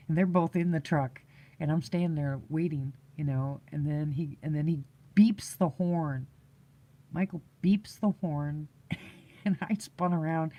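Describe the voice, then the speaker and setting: A woman's voice: sits low, dark tone. A woman telling a rambling story in casual chat, full of fillers and restarts and often laughing. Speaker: live chat host.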